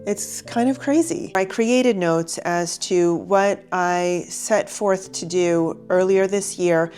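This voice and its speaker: Vlogger, woman, 40s, candid and heartfelt, voice on the low side, soft music behind. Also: takes it slowly. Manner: candid and emotional, talking to the viewer. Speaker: wellness vlogger. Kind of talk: reflective personal vlog. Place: small reading nook in a bedroom.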